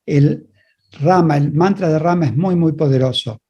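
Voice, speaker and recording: Mellow-voiced male interpreter. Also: on the high side, brisk, slightly rough, dull audio. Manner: relays each passage in short phrases, restarting now and then. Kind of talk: consecutive interpretation of a spiritual talk.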